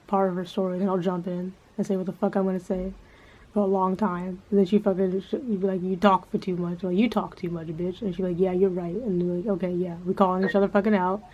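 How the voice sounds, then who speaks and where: Lady vlogger rambling and cursing a lot, flat lowish voice, dull lo-fi audio. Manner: profane, rambling, lots of filler words. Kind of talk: casual rambling monologue. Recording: dull lo-fi sound with faint background noise.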